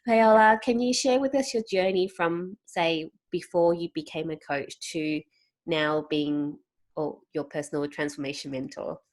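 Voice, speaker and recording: A woman podcast host asking interview questions gently, rephrasing them and encouraging her guest. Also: sits low, steady tone, a little slow.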